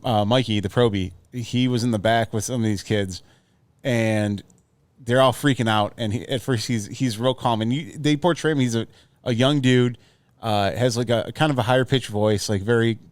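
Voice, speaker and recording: A podcast co-host with a medium-pitched voice, recorded with no echo, chats casually and tells a long, stammering story.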